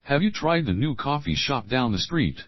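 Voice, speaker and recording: Speaking in a sing-song, mid-range voice, a male English teacher drills example questions one by one for learners. He says the opening words, repeats them, then gives the whole question slowly and clearly. There's no room sound, and the highs are cut off.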